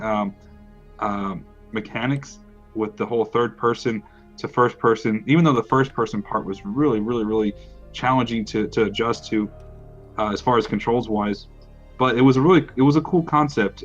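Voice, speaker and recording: A man's voice: mid-range voice, dull audio. A man co-hosting a podcast in casual chat, laughing often and mocking people in quoted voices. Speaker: podcast co-host.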